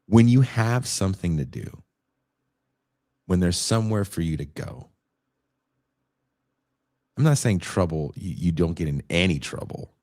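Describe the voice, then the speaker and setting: Deep-voiced man telling a story. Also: a little slow, long pauses, no echo, clean studio sound. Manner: animated retelling with swearing and acted quotes. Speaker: podcast co-host. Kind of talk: casual chat, storytelling.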